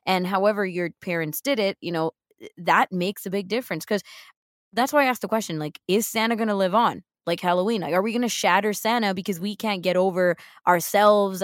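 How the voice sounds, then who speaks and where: A woman's voice: mid-range voice, dry recording, studio quality. A woman co-hosting a talk show, upbeat and emphatic, often checking in with "right?" as she talks. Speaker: co-host. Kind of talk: casual chat.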